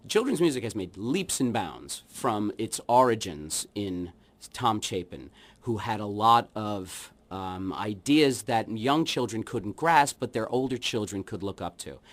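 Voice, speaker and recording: A man who is a children's musician, chatting as a guest in a radio studio interview, wry and rambling, with his voice often trailing off into quieter asides. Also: on the low side, expressive, unhurried. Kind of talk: casual radio interview chat.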